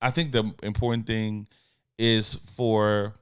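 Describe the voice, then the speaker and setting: A man in his thirties with a lowish voice, co-hosting a podcast in an easygoing, slang-filled way. He laughs often as he tells stories. The sound is dry and close, with no room echo. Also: level tone, takes it slowly, clear, resonant tone. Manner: laid-back slang-heavy storytelling with laughs. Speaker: podcast co-host. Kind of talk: casual chat.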